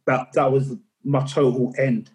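A man's voice: mid-range voice, level tone, measured pace, a little mellow, rough recording. A middle-aged man, a podcast guest, tells a personal story in earnest and often repeats words as he recalls it. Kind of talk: candid interview storytelling.

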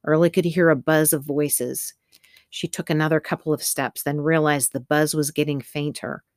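A woman reads a novel aloud in a steady, measured way, her voice sitting quite low. The recording is close and completely dry, with no room sound at all. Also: no echo. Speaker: audiobook narrator. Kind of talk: scripted narration.

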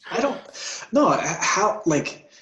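A man hosting a relaxed chat, halting and reaching for words as he talks. His voice rings in an echoey room. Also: sits high, lo-fi sound, a crowd in the background. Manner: hesitant, searching for words with many "like" fillers. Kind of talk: casual conversation.

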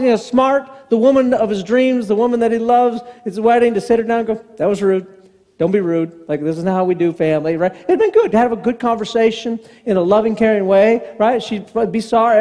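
A man preaching a sermon as pastor, conversational and joking, acting out the people in the story with quick voices. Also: sits high, dark tone. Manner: conversational, acts out quotes in voices. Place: church hall. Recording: hall reverb.

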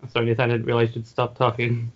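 A man co-hosting a podcast in casual chat, with a wry, flat delivery. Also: medium pitch, fast. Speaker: podcast co-host. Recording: dull audio with faint noise.

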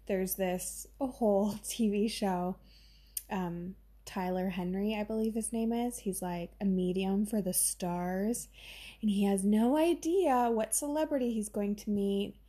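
A woman co-hosts a casual podcast chat with a husky, breathy edge to her voice. She is chatty and acts out little scenes in quick put-on voices. Her tone sits mellow and dark. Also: medium pitch. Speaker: podcast co-host.

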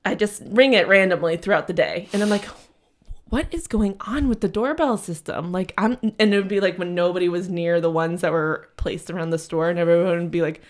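Young woman rambling thru a story, giggly, lowish voice, chatty podcast vibe. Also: little pitch movement, quick pace, few pauses. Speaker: podcast co-host. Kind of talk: casual chat.

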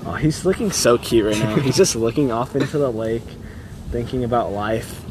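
A man's voice: medium pitch, normal speed, background noise. A teenage boy chatting playfully on a casual podcast, teasing and laughing often. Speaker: podcast co-host. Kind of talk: casual chat.

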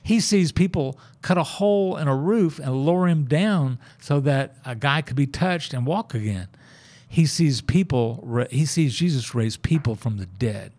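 A man's voice: a little high, expressive, moderate pace, a little mellow. A man telling a Bible story and his own faith story in a casual, folksy way, acting out the lines he quotes. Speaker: church member sharing his faith story.

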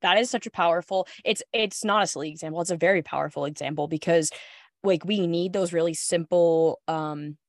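Woman podcast host, reflective and affirming, slightly low voice, dry close recording. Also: brisk, no room sound. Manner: reflective, affirming, uses "like" and "you know". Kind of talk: casual podcast conversation.

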